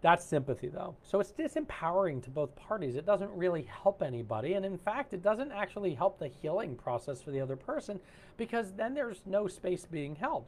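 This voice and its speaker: A man's voice: high-pitched, brisk. A man coaching and hosting a live online session over a video call, talking casually with lots of fillers and restarts. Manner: animated, warm-hearted, rambling with many fillers. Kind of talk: casual live-stream talk.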